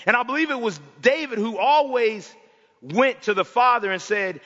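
A man preaching a passionate sermon in a church, swinging between loud cries and hushed, quiet lines. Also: very high voice, moderate pace. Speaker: pastor. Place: church sanctuary. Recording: dull sound with long hall reverb.

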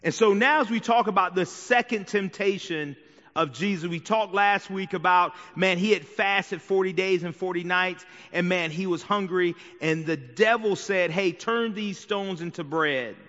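A man's voice: sits high, normal speed, a bit bright. A man preaching a sermon as pastor, talking conversationally and checking in with the congregation often. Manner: conversational preaching with frequent "right?" and "okay?" asides. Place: church sanctuary. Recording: dull sound with long hall reverb.

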